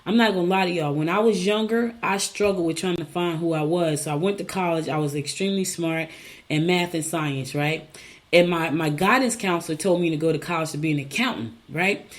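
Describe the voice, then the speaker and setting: A woman's voice: on the low side, brisk. A middle-aged woman from Newark, New Jersey, hosting a casual talk show and chatting to her viewers in a personal, storytelling way. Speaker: host.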